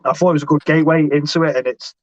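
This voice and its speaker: A man's voice: on the high side, fairly even intonation, very fast, darkish tone, no echo. Hesitant man on a dull call line. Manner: hesitant, thinking aloud with many restarts. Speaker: guest. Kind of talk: casual chat. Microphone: video call. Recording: dry, dull lo-fi call audio.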